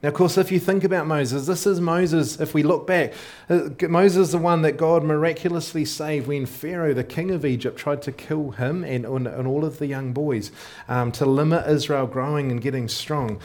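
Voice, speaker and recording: This man preaches at a moderate pace in a voice on the high side. His sermon is easygoing and talkative, punctuated by rhetorical questions to the congregation, and he thinks aloud with frequent fillers and restarts rather than following a script.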